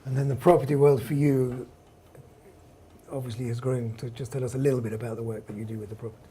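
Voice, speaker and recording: Male host, mellow voice, brisk questions; faint noise, event room. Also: medium pitch, little pitch movement. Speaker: interviewer. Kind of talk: hosting an on-stage conversation. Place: bar event room with an audience.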